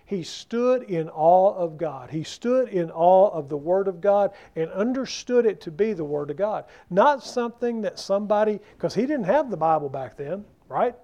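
High-voiced preacher, mellow tone. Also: male voice, expressive, moderate pace, hardly any pauses. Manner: conversational, asks the congregation questions. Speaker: pastor. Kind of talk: sermon. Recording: dull lo-fi sound.

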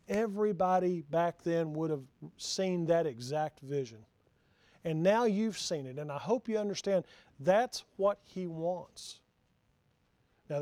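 Man, pastor, sermon, high voice, mellow tone, earnest questions. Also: dry recording. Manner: earnest, asks the congregation questions.

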